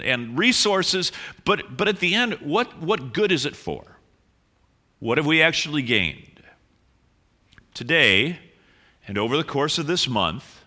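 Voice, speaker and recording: Bright-voiced pastor teasing his congregation. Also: fairly high pitch. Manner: conversational, playfully teasing, repeats words. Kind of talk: sermon.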